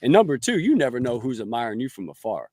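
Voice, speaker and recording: A folksy, enthusiastic man hosting a podcast interview, given to homespun turns of phrase. His voice sits at an average pitch, recorded dry and close with no room sound. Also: big pitch swings, quick pace, darkish tone, dry recording. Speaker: podcast host.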